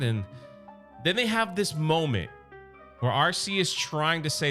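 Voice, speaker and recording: A man recapping a comic book in casual, excited commentary, openly biased toward his favorite character. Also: a little high, moderate pace, pauses often, soft background music.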